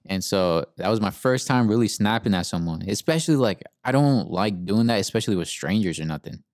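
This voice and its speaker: Young male podcast host, low-pitched, laid-back and cussing, dry room. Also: expressive, brisk, darkish tone, no room sound. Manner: profane, laid-back, says "bro" often. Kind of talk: casual storytelling rant.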